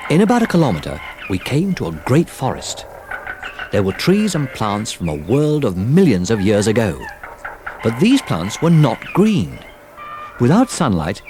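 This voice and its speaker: A man narrating a children's storybook recording in a lively, expressive telling. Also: mid-range voice, a little hiss or hum. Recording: old storybook record with music.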